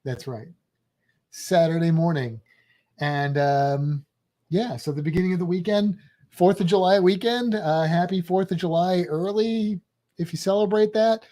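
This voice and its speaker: A man's voice: sits high, measured pace, dark tone. A man co-hosting a live-streamed podcast, chatty and playful, calling himself a blabbermouth. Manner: chatty and jokey, self-described blabbermouth. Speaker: podcast co-host. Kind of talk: live-streamed casual chat.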